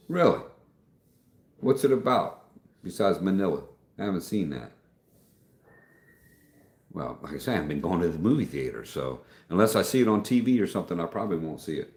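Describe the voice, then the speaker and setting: Middle-aged male livestream host, very low voice, folksy and rambling, echoey home room. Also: sing-song, moderate pace, long pauses, a little mellow. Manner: rambling, folksy, trails off and restarts. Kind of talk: casual livestream chat reading viewer comments.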